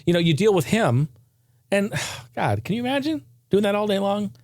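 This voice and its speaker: A man's voice: sits high, sing-song, fast, darkish tone, no room sound, clean studio sound. Profane, ranting male podcast host. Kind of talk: casual ranting monologue.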